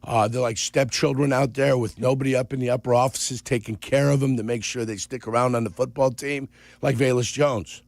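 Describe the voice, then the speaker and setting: Man, congested, gravelly rasp, blunt teasing sports talk, dry studio sound. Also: medium pitch, fairly even intonation, fairly quick, no echo. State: sinus congestion. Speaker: radio sports co-host. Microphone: studio broadcast mic.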